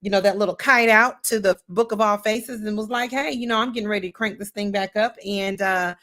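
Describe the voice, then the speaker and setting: A podcast host opens a casual livestream show, her mid-range voice fairly bright and her intonation mostly even as she talks fairly quickly. She's chatty, playful and folksy, calling her audience "y'all" and looping back to repeat her own words often.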